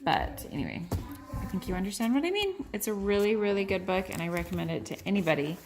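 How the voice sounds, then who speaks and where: A woman's voice: mid-range voice, sing-song, quick pace. A woman in her thirties, a mother, patiently teaching her young child to read at home and chatting to the camera between words. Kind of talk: casual home video vlog. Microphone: phone. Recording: faint background noise, home phone recording.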